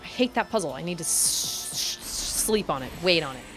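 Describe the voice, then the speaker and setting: A woman's voice: lowish voice, lively intonation, normal speed, music in the background. A young woman streaming a video game, chatting casually and breaking into frustrated outbursts and groans at the game. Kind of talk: casual live-stream chat while gaming.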